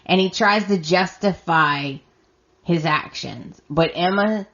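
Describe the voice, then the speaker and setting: A woman's voice: on the low side, takes it slowly, a bit bright, dull audio. A woman hosting a podcast and recapping a soap opera in a chatty, exasperated way, acting out her own reactions. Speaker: podcast host.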